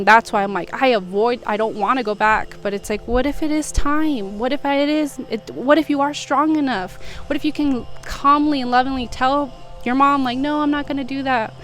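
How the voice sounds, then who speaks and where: A young woman from the United States, talking through her feelings in a rambling, reflective confessional vlog from her home in Vietnam. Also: on the high side. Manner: reflective, rambling, soft-spoken. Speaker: vlogger. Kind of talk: emotional confessional monologue.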